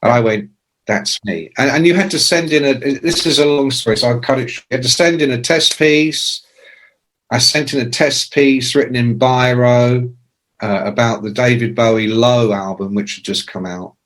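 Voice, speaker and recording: A man in his sixties, a rock journalist telling profane, lively anecdotes as a podcast guest. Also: medium pitch, moderate pace. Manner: lively, profane, acts out quoted voices. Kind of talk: anecdotal storytelling in a podcast interview.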